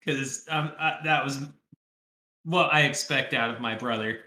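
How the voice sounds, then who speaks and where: A man's voice: medium pitch, unhurried, bright, forceful tone, reverberant. A man playing a tabletop game, eager and easily amused. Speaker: player. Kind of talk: casual tabletop play.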